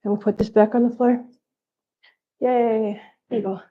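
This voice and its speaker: A woman's voice: on the high side, little pitch movement, normal speed. Woman host, casual unscripted chat, short of breath, baby-talks pets; slightly muffled audio. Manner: chatty, coos at cats in baby talk. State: overheated and out of breath. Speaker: cat channel vlogger. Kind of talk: unscripted live-stream chat while cleaning.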